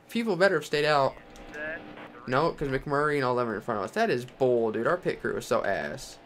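A young man from Texas calls his racing game out loud as he drives, swearing freely and ranting at rival drivers. His voice sits at a middling pitch, and a faint hiss of noise hangs behind it. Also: animated, fairly quick. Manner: profane, frustrated ranting. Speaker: gaming channel host.

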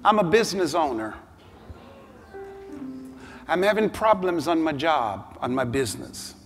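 A middle-aged man preaching a sermon as a bishop, telling a story with animated energy. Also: fairly high pitch, unhurried. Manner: animated storytelling, rising to shouted altar call. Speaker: bishop, pastor. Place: large church sanctuary. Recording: long hall reverb with music behind. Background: music.

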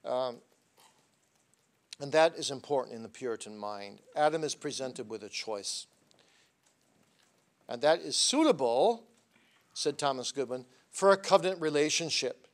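A man lecturing at a seminary, telling stories animatedly and swinging between soft asides and loud, emphatic points. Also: medium pitch, expressive, measured pace, pauses often. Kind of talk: classroom lecture.

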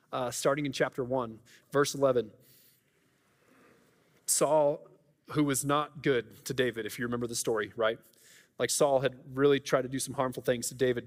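Earnest pastor preaching in an echoing hall. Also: male voice, medium pitch. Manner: conversational, earnest, many restarts and "like". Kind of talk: sermon. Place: church sanctuary. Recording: reverberant church hall.

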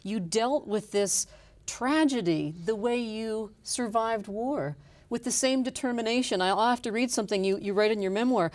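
A woman interviewing her guest on the radio, speaking in a measured way and reading passages aloud. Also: a little high, darkish tone. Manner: measured, reads quotes aloud.

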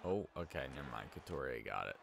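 A man's voice: very deep voice, sing-song, a little fast, creaky, a bit bright, slight background noise. A young man giving laid-back, yawning commentary while playing a hockey video game, reacting aloud to each play. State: sleepy, yawning. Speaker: let's play gamer. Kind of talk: casual gameplay commentary.

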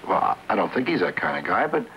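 An actor playing a nervous, pleading brother-in-law in debt who stammers, in a 1960s TV drama on a dull old soundtrack with hiss. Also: male voice, sits low, big pitch swings, fast.

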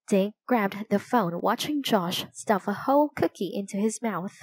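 Woman narrator for a children's storybook, slow and clear, mid pitch, dry close sound. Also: no echo, poor audio. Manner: slow, clear, even reading.

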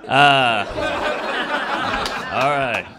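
With a medium-pitched voice that draws out its words, a man improvises stand-up in a comedy club, trading blunt, crude, self-mocking jokes with the crowd. Audience laughter and noise fill the live club recording.

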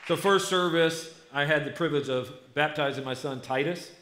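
A middle-aged American man, lead pastor of his church, preaching a conversational, animated sermon. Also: fairly high pitch, moderate pace, over a noisy crowd, heavy background noise. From United States. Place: church sanctuary. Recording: echoey church hall.

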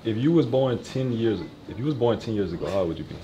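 Man, teasing and sarcastic, lively pitch, noisy recording. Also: quick pace, highs cut off. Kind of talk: casual chat. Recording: noisy background.

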